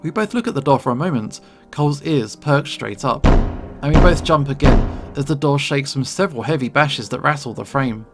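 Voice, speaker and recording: A man reads a visual novel aloud in first person, steady and tense, his mid-pitched voice carrying a gravelly fry. Soft music plays quietly behind him. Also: moderate pace. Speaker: gamer reading a visual novel. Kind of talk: first-person story narration.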